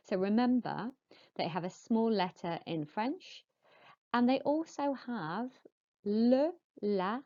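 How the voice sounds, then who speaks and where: Slow, patient woman teaching French. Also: mid-range voice, mellow, lo-fi sound. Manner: slow, clear modelling of words for pupils to repeat; patient, encouraging teacher talk. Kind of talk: recorded classroom lesson.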